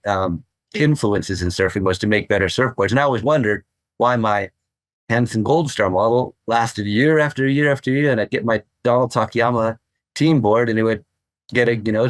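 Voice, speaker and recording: A man's voice: medium pitch, no room sound. An older man, a surfboard craftsman, talking as a guest in a podcast interview, enthusiastic and rambling, often repeating words.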